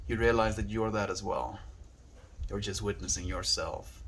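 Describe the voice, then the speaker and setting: A man's voice: on the low side, steady tone, a little slow, long pauses, fairly bright tone, a little hiss or hum. A man chatting casually on his daily livestream, rambling loosely and thanking viewers by name.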